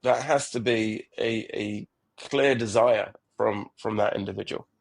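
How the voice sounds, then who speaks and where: Husky, creaky-voiced man talking earnestly. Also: fairly low pitch, unhurried. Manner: earnest, repeats words and restarts often. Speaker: podcast guest, startup founder. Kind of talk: reflective conversational interview.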